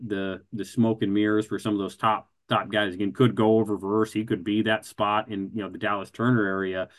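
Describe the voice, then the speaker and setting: A man co-hosting a casual football draft talk, measured and methodical, leaning on a habitual filler word. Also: on the low side. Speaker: football draft analyst co-host.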